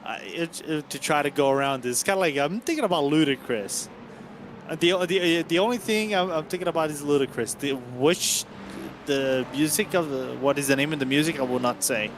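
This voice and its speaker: A man giving casual color commentary on a race, halting and hesitant, often searching for his words. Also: on the high side, slight background noise.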